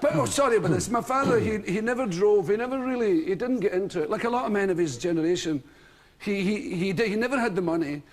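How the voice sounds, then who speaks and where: A man's voice: sits high, expressive, fast talker, slight background noise. A Scottish man telling comic stories as a talk show guest, laughing through them. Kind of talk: comic storytelling. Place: television studio with audience.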